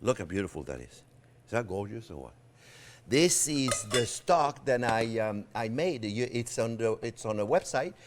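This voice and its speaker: An older man hosting a cooking demonstration, chatting warmly to viewers as friends and laughing often. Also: medium pitch, sing-song, normal speed, a little hiss or hum. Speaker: cooking show host. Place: home-style kitchen.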